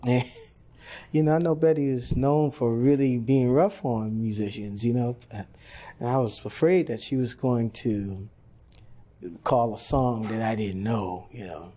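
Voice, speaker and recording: A man's voice: mid-range voice, measured pace. A man, a jazz pianist, telling a story in an interview and acting out the voices of the people in it. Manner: animated storyteller, acts out quoted voices.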